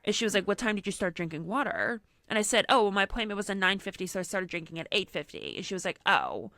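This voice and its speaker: A young woman with a bright, forceful voice tells a story in casual podcast chat, slipping into quoted voices as she goes. Her sound is dry and close, with no room around it. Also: mid-range voice, quick pace, dry recording. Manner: animated storyteller acting out quotes, frequent "like". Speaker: podcast co-host.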